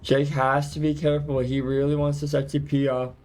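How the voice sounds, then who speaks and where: A man casting a live video game match as play-by-play commentary, chatty and quick to exclaim, often correcting himself mid-sentence. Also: fairly high pitch, little pitch movement, a little mellow. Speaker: esports caster.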